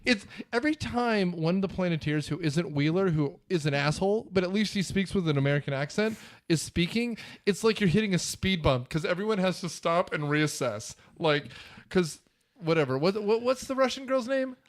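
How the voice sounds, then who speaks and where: A man's voice: high voice, expressive, normal speed. A man filling in as podcast host, ranting sarcastically in casual banter.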